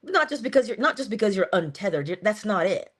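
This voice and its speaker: A woman's voice: medium pitch, sing-song, quick pace, slightly rough. A woman giving an earnest but casual inspirational monologue as a motivational speaker, talking conversationally with sudden emphasis.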